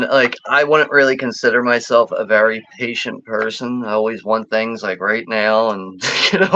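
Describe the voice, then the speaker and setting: A man's voice: mid-range voice, sharp tone, dry recording. A man co-hosting a casual chat, laid-back and full of fillers, chuckling as he talks. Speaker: co-host. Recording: dull lo-fi dry sound.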